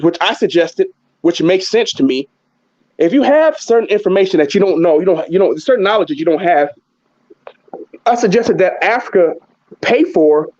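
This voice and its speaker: A man's voice: very high-pitched, dry recording, lo-fi sound. A man hosting, talking in a blunt, profane, heated way and often repeating himself. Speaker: host. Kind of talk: heated casual commentary.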